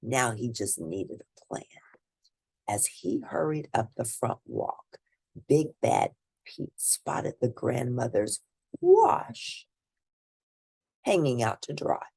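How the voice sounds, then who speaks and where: A woman reads a children's storybook aloud at a slow, unhurried pace. Her voice is very low, warm and gravelly. She swings her pitch up and down widely. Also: dry recording, studio quality. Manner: slow, expressive reading.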